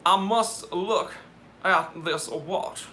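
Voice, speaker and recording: A man doing a mock impression of a proper Southern gentleman with an exaggerated drawl. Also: sits high, very slow, a little hiss or hum, heavily acted. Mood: genteel.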